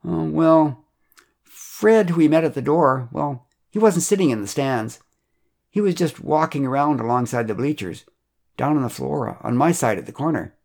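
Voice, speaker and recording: A man's voice: medium pitch, creaky, darkish tone. A man voicing a fidgety, sheepish husband in a storybook reading, his voice lifted above the narrator's own.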